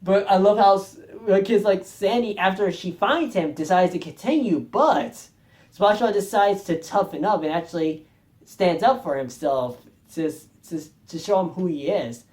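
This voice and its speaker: A man's voice: high-pitched, moderate pace, darkish tone. A man talking casually on his video channel, rambling, correcting himself often and chuckling as he goes. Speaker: music video vlogger.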